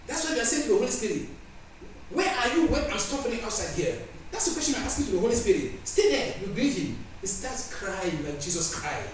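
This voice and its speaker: A man's voice: high voice, sing-song, a little fast, slight background noise. A man preaching a sermon with emphatic, repeated phrases. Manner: emphatic, repeats phrases, voices God and the Spirit in quotes. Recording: echoey room from far off with faint ambience.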